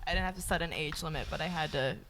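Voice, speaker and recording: A young woman co-hosting a podcast, chatty and quick to react. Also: deep voice, fairly bright tone, slight background noise. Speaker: podcast co-host. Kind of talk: casual chat.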